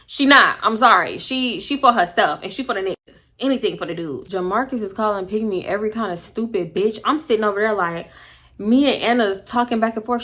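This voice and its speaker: A young woman with a Houston, Texas accent tells a story to camera as a storytime vlogger. She's blunt and animated, swears freely and acts out what people said, speaking briskly in a mid-range voice.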